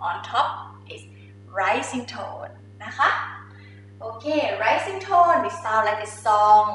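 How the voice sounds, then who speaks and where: A woman's voice: a little high, pushed and bright, very echoey, recorded from a distance, a little hiss or hum, poor audio. A woman with a Thai accent teaching her native language to beginners, drawing out model syllables in a playful, encouraging way. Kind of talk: slow, patient language lesson.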